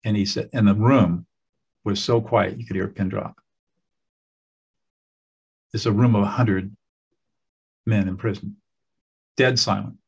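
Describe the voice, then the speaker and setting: A man telling a story in a relaxed talk, acting out the voices of the people he quotes. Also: on the low side, a little slow, vocal fry, long pauses, husky, muffled recording. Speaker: teacher of emotional skills.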